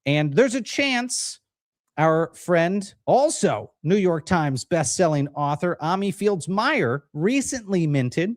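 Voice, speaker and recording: Man, livestream host, energetic and jokey, animated pitch, dry close sound. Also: slow, dry recording. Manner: energetic, jokey, hype-building introductions. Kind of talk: upbeat live-stream show opening.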